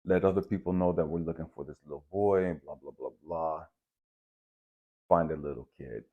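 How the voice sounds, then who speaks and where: A male channel host with a very deep voice tells a personal story at normal speed, heard with phone-quality sound. He's relaxed and conversational, mixing spiritual reflection with slang like "bet" and "dap."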